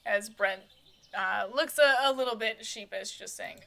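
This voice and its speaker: Woman narrator, chatty and casual, with a bright, gravelly tone. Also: on the high side, measured pace. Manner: chatty, with fillers and asides. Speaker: soap opera narrator. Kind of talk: casual narration of a life-sim soap opera.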